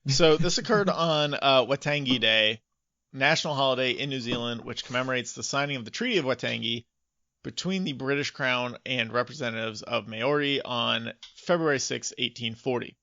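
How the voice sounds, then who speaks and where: A man's voice: mid-range voice, normal speed, sharp tone, no room sound, highs cut off. A man co-hosting a podcast, working through his notes in casual chat with dry asides, recorded at home. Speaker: podcast co-host. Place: home office.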